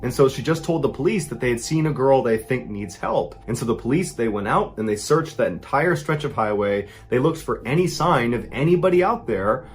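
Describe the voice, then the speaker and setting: A man narrating a true scary story, dropping to a hush for tense moments and rising high for panicked quotes. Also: lively intonation, a little fast, hardly any pauses.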